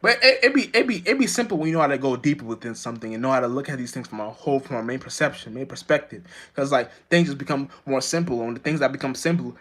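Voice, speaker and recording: A man's voice: expressive, fast talker, hardly any pauses. A man delivering a rambling, profane spiritual monologue to the camera, full of restarts and constant "you know what I'm saying.". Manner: jumps high and loud when acting out his own outbursts. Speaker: vlogger.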